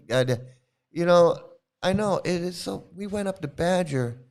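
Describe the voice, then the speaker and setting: This middle-aged commentary video host, once a devotee, tells a meandering story in a casual way, laughing softly, starting over often and imitating those he quotes. He sounds a little high and animated, speaking a little slowly.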